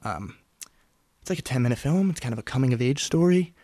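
A man's voice: mid-range voice, expressive, a little fast, mellow, dry recording. A young man hosting a solo podcast in a casual, rambling, self-mocking way, close to the mic. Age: young adult. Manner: rambling, self-mocking, jokey, with sudden whispers and put-on voices. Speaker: podcast host. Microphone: studio mic close up.

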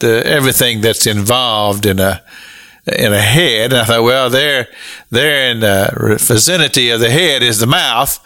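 A man's voice: medium pitch, sharp tone. A male pastor giving a folksy radio sermon, drawing out the quoted words for emphasis.

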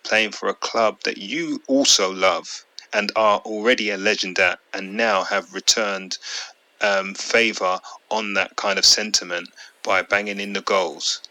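A blunt, opinionated man co-hosts a casual football podcast and swears freely. His voice is rather low but strikingly bright and forceful. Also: steady tone, measured pace, no echo, poor audio. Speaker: podcast co-host.

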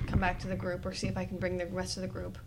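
A woman's voice: on the low side, monotone, racing, slight background noise. A woman playing a tabletop game in character, often stammering and flustered. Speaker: player.

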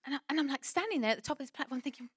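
A woman preaching a sermon and telling a lively personal story, acting out what people said. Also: high-pitched, rapid-fire, no echo. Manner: animated storytelling, acts out quoted voices.

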